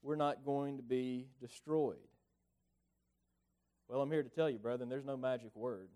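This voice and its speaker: A man's voice: mid-range voice, fairly even intonation, a little slow, dark tone. A man with a rural Southern US accent preaching a conversational sermon, often repeating and restarting his words.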